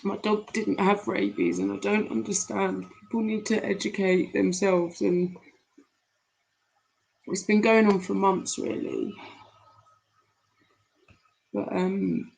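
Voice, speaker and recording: A grieving, tearful woman chatting with viewers on a live stream from home, halting with many pauses and fillers, on a laptop mic. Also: medium pitch, little pitch movement, creaky, darkish tone, low-quality recording.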